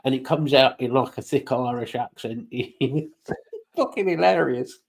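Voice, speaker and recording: A middle-aged man with a mid-pitched voice chats casually on a podcast. He keeps dropping wry, joking asides. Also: measured pace, vocal fry, breathy edge. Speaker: podcast co-host. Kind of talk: casual chat.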